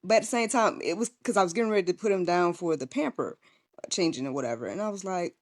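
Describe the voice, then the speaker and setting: A woman's voice: lowish voice, expressive, fast. A young woman telling a personal story in a casual livestream, chatty and full of fillers and restarts. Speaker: vlogger and podcast host.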